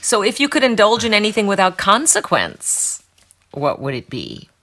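A woman hosting a casual interview, asking questions with quick, humorous reactions. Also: medium pitch, huge pitch swings, fairly bright tone. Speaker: host.

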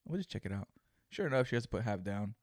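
A man's voice: fairly low pitch, big pitch swings, fast talker, dry recording, clean studio sound. A young man co-hosting a podcast, telling casual stories full of swearing and acted-out quotes. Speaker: podcast co-host. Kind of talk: casual chat.

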